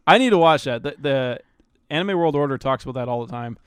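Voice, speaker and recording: A man's voice: medium pitch, expressive, brisk, clean tone, dry recording, studio quality. A man co-hosting a podcast in casual chat, easygoing and laughing often. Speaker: podcast co-host.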